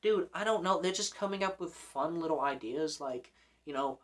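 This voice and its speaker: A man's voice: on the high side, normal speed, fairly bright tone. A young man hosting a commentary vlog, ranting in an exasperated, sarcastic way with plenty of swearing. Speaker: host.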